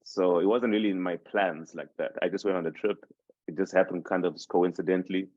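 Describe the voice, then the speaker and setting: Low-voiced man with Shona roots, dull dry sound. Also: steady tone, brisk, darkish tone, no room sound. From Zimbabwe. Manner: reflective, rambling with frequent restarts and fillers. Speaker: podcast host interviewed as guest. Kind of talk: casual podcast interview.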